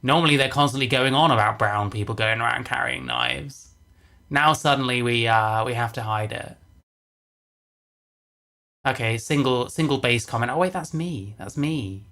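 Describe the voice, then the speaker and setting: A man streaming live, reacting to clips in an angry, exasperated rant. He swears constantly and hammers his points home by repeating them. His voice sits at a mid pitch for a man. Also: steady tone, normal speed, gravelly, pauses often, bright, forceful tone. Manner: profane, exasperated, repeats phrases for emphasis. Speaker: livestreamer reacting to videos. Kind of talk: angry casual livestream rant.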